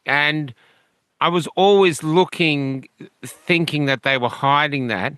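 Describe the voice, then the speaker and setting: An Australian man tells his story as an interview guest, meandering through fillers and restarts. His voice is bright and crisp, and the recording is dry with no room sound. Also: on the high side, takes it slowly, dry recording. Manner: rambling, with many fillers and restarts. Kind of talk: conversational storytelling.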